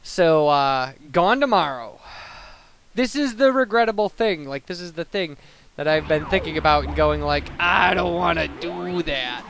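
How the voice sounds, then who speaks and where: A man's voice: a little high, animated, moderate pace, background noise. Rambling young man narrating gameplay. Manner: rambling, chatty, self-deprecating, with many fillers. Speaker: let's play commentator. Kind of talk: casual gameplay commentary. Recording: game music playing behind.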